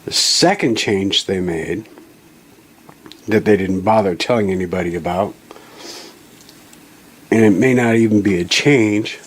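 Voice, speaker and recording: A man's voice: fairly low pitch, unhurried, long pauses, breathy edge. A man hosting a casual hands-on tutorial at his home reloading bench, talking in a folksy, rambling way with frequent self-corrections and apologetic asides, recorded on a camera mic. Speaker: channel host demonstrating a reloading tool. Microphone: camera mic, handheld then on tripod.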